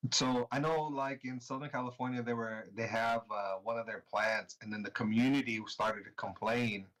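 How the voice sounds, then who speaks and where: A young man co-hosting a podcast in relaxed, slangy chat, laughing often and swearing freely. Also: medium pitch, moderate pace, low-quality recording. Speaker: podcast co-host. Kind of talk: casual chat.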